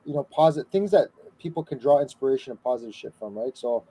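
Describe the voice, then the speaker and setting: A man hosting a podcast, chatting casually in a relaxed way and swearing offhandedly. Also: medium pitch, fast, husky. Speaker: podcast host. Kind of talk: casual chat.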